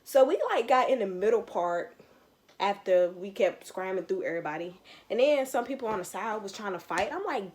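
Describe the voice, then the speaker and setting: A young woman, telling a slangy, animated storytime with quoted asides in a casual vlog. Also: medium pitch, moderate pace. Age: young adult. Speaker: vlogger.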